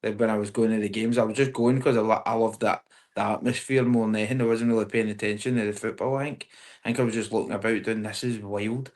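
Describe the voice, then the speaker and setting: Scottish man, lively storytelling guest. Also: on the low side, quick pace. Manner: animated storyteller, acts out his dad. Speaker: podcast guest. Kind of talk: casual chat.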